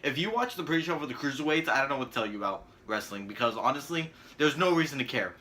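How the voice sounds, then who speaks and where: A man's voice: mid-range voice, lively intonation, fast, bright, forceful tone. A young man hosting his own channel, reviewing a show in a sarcastic, rambling, crude rant. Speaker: channel host, wrestling reviewer. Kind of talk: casual ranting video review.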